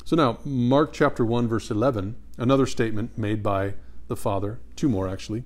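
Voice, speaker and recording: A man teaching a Bible study. He reads scripture slowly and with emphasis and puts questions to his listeners. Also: on the low side, fairly even intonation, darkish tone.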